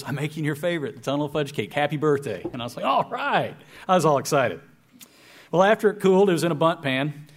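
A man in his forties preaching to a congregation, telling a folksy, self-deprecating story with animated delivery. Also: medium pitch. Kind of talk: storytelling sermon. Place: church hall with congregation.

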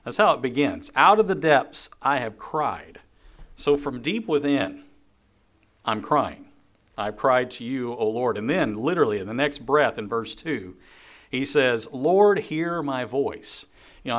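A man's voice: mid-range voice, a bit bright. A man preaching a sermon, reading scripture aloud and earnestly repeating key phrases. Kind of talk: sermon on a psalm.

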